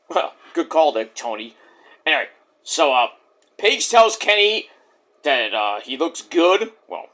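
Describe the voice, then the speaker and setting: A man's voice: sits high, sing-song, measured pace, pushed and bright. A man recapping a wrestling show in a casual, jokey way, with mocking asides.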